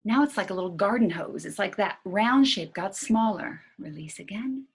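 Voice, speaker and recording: A woman teaching a singing lesson, calmly guiding listeners through gentle breathing and vowel exercises. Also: mid-range voice, moderate pace, creaky, slightly rough. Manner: calm, coaching breath instructions. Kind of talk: guided voice lesson.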